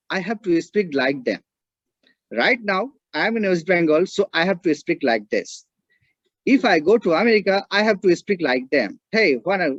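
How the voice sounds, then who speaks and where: A man's voice: high voice, no echo. A man lecturing as a teacher and linguist, speaking. He keeps checking with the class and repeats his points for emphasis. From India. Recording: dull, dry lo-fi audio.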